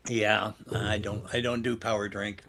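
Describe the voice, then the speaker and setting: A man's voice: on the low side, level tone, measured pace, fairly bright tone. A British man co-hosting a casual livestream chat, chatty and wry. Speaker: podcast co-host.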